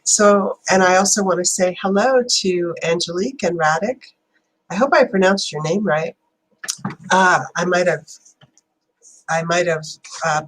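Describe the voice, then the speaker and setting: A woman with a fairly low voice hosts a spiritual channeling session. She talks in a loose, rambling way full of fillers. She slows into deliberate, prayerful invocations. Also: a bit bright, low-quality recording. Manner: chatty and rambling, then slow and prayerful. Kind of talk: livestream talk and invocation.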